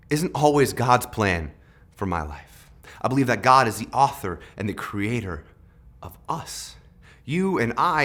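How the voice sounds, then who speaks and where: A young man hosting a devotional talk, telling a personal story in a conversational way with lively swings in loudness. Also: medium pitch. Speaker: devotional host.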